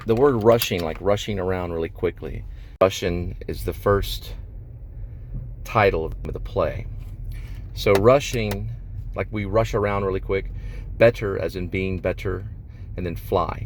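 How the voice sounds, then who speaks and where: Middle-aged guy with a deep low voice, rambly and halting, car noise humming behind. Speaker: playwright. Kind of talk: casual talk to camera.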